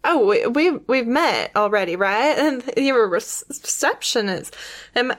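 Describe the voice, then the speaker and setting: A woman's voice: a little high, animated, measured pace. A woman voicing a dazed young woman who rambles in a flustered way. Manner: flustered and rambling, laughs often.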